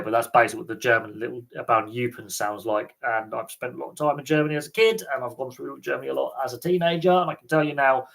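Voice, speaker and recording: A man's voice: mid-range voice, gravelly, a bit bright. A man from Britain hosting a live sports Q&A stream, chatting casually and rambling with lots of ums and uhs. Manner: rambling, chatty, many fillers. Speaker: livestream host.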